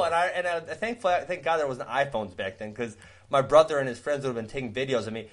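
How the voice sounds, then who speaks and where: A man from Wisconsin co-hosting a podcast, telling a long story in a rambling, animated way and laughing often. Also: on the high side, fairly quick. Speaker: podcast co-host. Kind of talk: casual storytelling chat.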